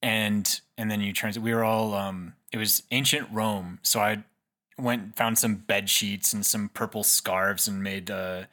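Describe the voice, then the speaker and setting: A man's voice: fairly low pitch, fairly even intonation, unhurried, pushed and bright. A man co-hosting a podcast in easygoing casual chat, with fillers and light laughs. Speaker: podcast co-host.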